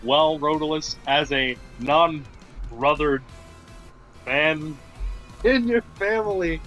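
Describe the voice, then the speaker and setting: A young man co-hosting a casual game development stream, with dry, deadpan teasing. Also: fairly high pitch, slow, faint music behind, rough recording.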